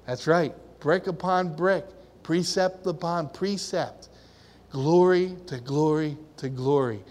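High-voiced preacher in an echoing hall. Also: male voice, slow pace, a little mellow. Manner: impassioned, questioning the congregation. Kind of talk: sermon. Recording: long hall reverb.

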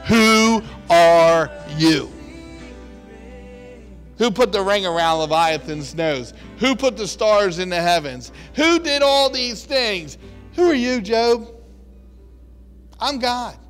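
A man's voice: sits high, lively intonation, slow pace, pauses often, a bit bright, soft background music, exaggerated voice. A man preaching while voicing an almighty God who declares and thunders with commanding authority.

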